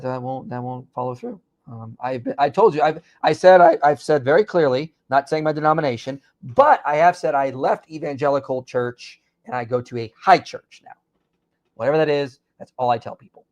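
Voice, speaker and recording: A man hosts a relaxed live stream and reads viewer comments aloud as they come in. He answers each one quickly, in a voice set a little high for a man. The talk is loose and chatty. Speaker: host. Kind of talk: casual livestream chat.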